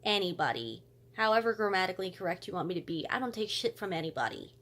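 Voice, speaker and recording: A woman's voice: on the low side, big pitch swings, fast, fairly bright tone. A woman vlogger telling a story as a casual rant, fired up and blunt, with cursing.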